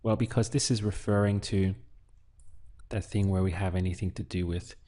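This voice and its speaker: A man teaching a language lesson, slow and patient, quizzing the listener with prompts. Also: deep voice, steady tone, dark tone. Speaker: Spanish teacher.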